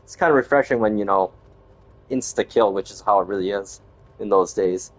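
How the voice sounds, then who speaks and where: Middle-aged guy chatting loosely while he plays, kinda low voice, rambly and easygoing. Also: a little fast. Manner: rambling, laid-back, says "man" and "yo". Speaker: gaming channel host. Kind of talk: casual gameplay commentary.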